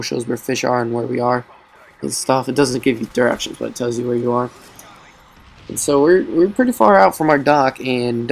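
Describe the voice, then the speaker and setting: A man casually telling personal stories to camera, rambling with lots of likes and ums. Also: medium pitch. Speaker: vlogger.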